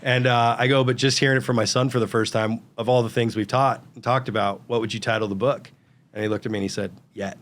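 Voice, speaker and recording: A man in his forties, a guest on an interview show, telling animated stories full of quoted dialogue. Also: medium pitch, fast. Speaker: guest, real estate brokerage founder. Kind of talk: storytelling in a casual interview.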